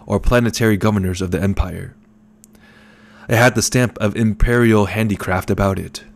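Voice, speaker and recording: A man narrating an audiobook in a measured, calm storytelling manner. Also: on the low side. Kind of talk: scripted narration.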